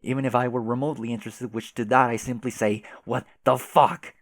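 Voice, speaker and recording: A hot-tempered young troll spitting insults and curses, as a man reads him aloud. He shouts in bursts and swears at nearly every turn. The sound is dry and close. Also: mid-range voice, steady tone, fairly quick, dry recording, close to an everyday voice. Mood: angry. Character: furious foul-mouthed young male troll. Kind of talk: reading a webcomic chat aloud.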